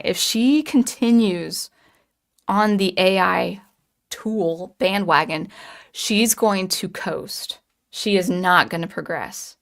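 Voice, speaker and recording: Animated woman in her thirties. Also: medium pitch, moderate pace, creaky. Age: 30s. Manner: animated, storytelling with lots of restarts. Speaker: livestream host. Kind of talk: casual livestream chat.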